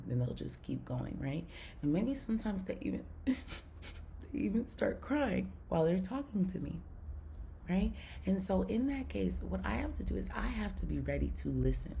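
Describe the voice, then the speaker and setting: A woman's voice: on the low side, animated, moderate pace, gravelly, warm tone, a little hiss or hum. A woman teaching a recorded video lesson, who often repeats herself, keeps checking in with "right?" and sometimes refers to herself in the third person. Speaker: online course teacher.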